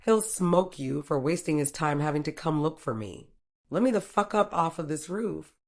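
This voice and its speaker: A woman's voice: low voice, expressive, normal speed, darkish tone. A woman voicing a streetwise young woman who curses and talks sternly and defiantly in a story reading. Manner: stern, profane, blustering. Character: tough, streetwise young woman, cursing, scared but defiant.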